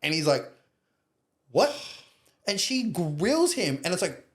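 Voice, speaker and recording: A young Australian man telling a story in casual chat, animated, acting out other people's lines and swearing casually. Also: high voice, takes it slowly. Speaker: podcast guest.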